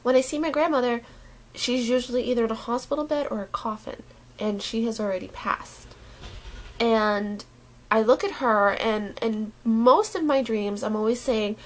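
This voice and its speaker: A woman talking casually to her camera, rambling and halting with many restarts, sounding uneasy and worried. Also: a little high, fairly even intonation. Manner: unsettled and worried. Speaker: vlogger.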